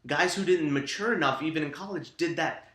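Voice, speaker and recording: A man's voice: a little high, fairly quick, fairly bright tone, reverberant. A man co-hosting a casual podcast, giving frank, crude dating advice with emphasis. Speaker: podcast co-host. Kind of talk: casual chat.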